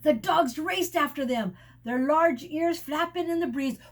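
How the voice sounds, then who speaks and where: Reading a picture book to a group of kids, this female teacher pauses frequently to define words, adding asides and sound effects along the way. She speaks in a high-sitting voice.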